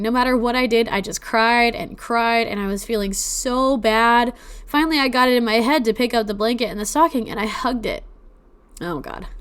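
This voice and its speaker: A woman's voice: a little high, fairly bright tone, clear, resonant tone. A young woman casually telling personal ghost stories on a podcast, emotional and teary-eyed at times, chatting with plenty of fillers.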